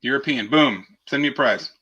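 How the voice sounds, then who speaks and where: A man runs a casual live joke stream in a brassy, bright voice at an everyday pitch. He teases himself and tosses in mouth-made rimshots. The mood is easygoing banter. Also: moderate pace, husky, dull audio. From half Mexican heritage. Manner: goofy, self-mocking, adds rimshot sound effects.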